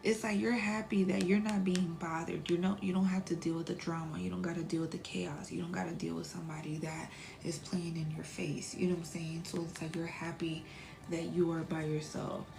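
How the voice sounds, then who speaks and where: A woman's voice: on the low side, level tone, fairly quick, creaky. A woman doing a casual tarot reading, chatty and blunt, sometimes dropping to a whisper and swearing freely. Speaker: tarot reader.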